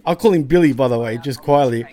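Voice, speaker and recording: A man's voice: mid-range voice, fast talker, mellow. An Australian man guesting on a podcast, bantering in an easygoing way and laughing often. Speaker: guest co-host. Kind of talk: casual podcast chat.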